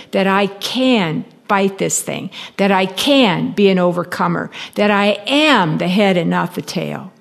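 A middle-aged woman preaching a sermon, telling stories with humor and acting out the dialogue. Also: medium pitch. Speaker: preacher and Bible teacher.

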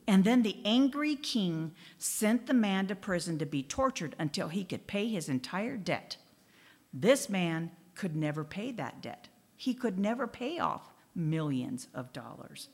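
A woman preaching a sermon in a lively, chatty way, reading scripture and exclaiming as she goes. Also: lowish voice, unhurried.

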